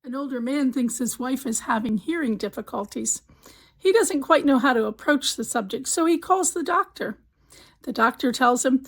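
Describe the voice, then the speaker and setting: A woman's voice: high-pitched, expressive, moderate pace, rough recording. A woman telling a countdown of marriage jokes as the channel host, building to each punchline. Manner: storytelling with punchline delivery. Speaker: joke teller, channel host. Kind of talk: scripted joke countdown narration.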